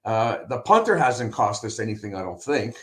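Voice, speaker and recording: A man's voice: on the low side, sing-song, moderate pace. A man giving blunt, opinionated takes in a casual sports chat. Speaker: podcast co-host, analyst.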